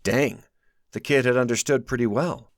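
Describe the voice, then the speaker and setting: In a clean, dry studio recording, a man narrates his own novel as a first-person audiobook. His voice sits at medium pitch, and he tells the story expressively at a moderate pace.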